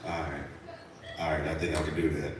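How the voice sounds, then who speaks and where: A man doing loud, teasing comic banter on a live stage. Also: extremely low pitch, flat delivery, fairly quick, noisy background. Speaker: comedian. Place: large hall, live show. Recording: echoey hall from far off.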